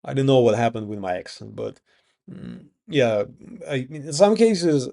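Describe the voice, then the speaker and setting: A man's voice: medium pitch, big pitch swings, a little slow, vocal fry, warm tone. A young man from Russia with a Russian accent, vlogging in a rambling casual monologue and swearing often.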